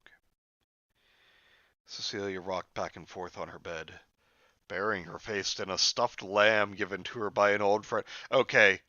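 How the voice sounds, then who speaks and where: A man's voice: fairly low pitch, fairly even intonation, measured pace, long pauses, bright, forceful tone, no echo, lo-fi sound. A man co-hosting a podcast, reading a horror story aloud with sarcastic asides. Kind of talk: casual read-along with jokes.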